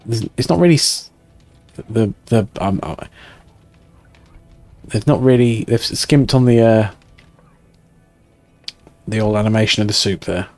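Male streamer, deep-ish voice, joking and cursing, dry close sound. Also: a little slow, pauses often, darkish tone, no room sound, faint music behind. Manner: joking, swearing, chatty with viewers. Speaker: game streamer. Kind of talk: casual live-stream chat while playing.

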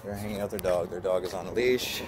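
Man, dog trainer, outdoor vlog; low voice, coaxing and explanatory, faint background noise. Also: fast. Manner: coaxing, praising the dog often, explaining as he goes. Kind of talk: casual narration while training a dog outdoors. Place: outdoors at a park.

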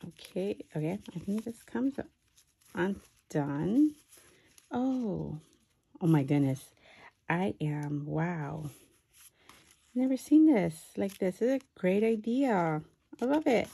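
A woman chatting excitedly while unboxing a craft swap package, with self-deprecating asides. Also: medium pitch, gravelly, breathy edge. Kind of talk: casual unboxing commentary. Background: paper crinkling and clicks.

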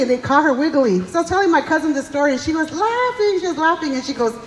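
A woman's voice: high-pitched, expressive, fast talker. A middle-aged woman comedian telling chatty, self-mocking stories on stage and acting out the voices of the people in them. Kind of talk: live stand-up comedy. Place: stage at a community fundraiser show. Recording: live hall reverb.

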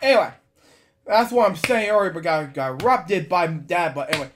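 A man's voice: high-pitched, a little fast, a bit bright. A man reading a children's storybook aloud at home, stumbling over words and breaking off into blunt, irreverent asides. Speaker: storybook reader. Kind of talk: casual read-aloud with commentary. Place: home at night.

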